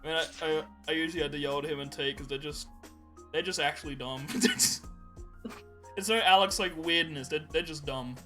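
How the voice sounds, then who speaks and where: Bright-voiced young man telling stories. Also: fairly high pitch, steady tone, moderate pace, soft background music. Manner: laughs often while telling rambling stories. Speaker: podcast co-host. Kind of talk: casual chat.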